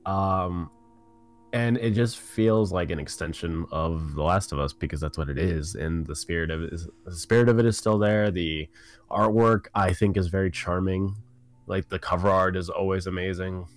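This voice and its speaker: Deep-voiced laid-back male co-host. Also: normal speed. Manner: relaxed, teasing, many "like"s. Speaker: podcast co-host. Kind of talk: casual podcast chat.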